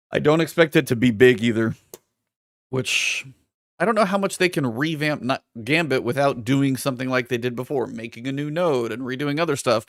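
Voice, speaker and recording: A man in casual podcast chat, venting about game changes in an exasperated, ranting way. His voice sits at an ordinary middle pitch. It is recorded close and dry, with no room sound. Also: a bit bright, no room sound. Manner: ranting, exasperated, reads chat messages aloud. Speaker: podcast co-host.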